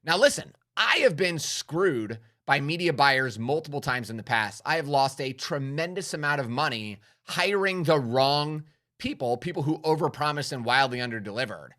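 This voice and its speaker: A man's voice: medium pitch, lively intonation, normal speed, sharp tone. A man speaking as a marketing coach in a direct business talk, emphatic and persuasive, often asking his audience questions.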